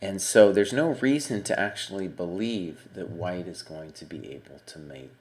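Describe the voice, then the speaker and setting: A man's voice: low-pitched, moderate pace, a little mellow. A middle-aged man coaching chess, talking through a student's game in a casual, thinking-aloud way. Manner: conversational, thinks aloud with fillers and asides. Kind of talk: casual spoken game analysis.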